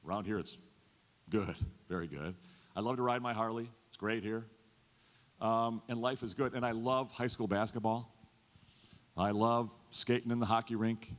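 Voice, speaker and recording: A man's voice: fairly low pitch, steady tone, moderate pace, long pauses. Folksy man speaking in an echoing hall. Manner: folksy, earnest, repeats himself. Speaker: state governor. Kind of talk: stump speech to a chamber audience. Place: large event hall. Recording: long hall reverb.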